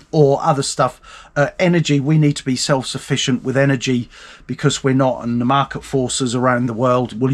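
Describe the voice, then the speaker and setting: A man hosting a live stream, rambling and swearing indignantly about politics. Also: mid-range voice. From United Kingdom. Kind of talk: casual ranting commentary.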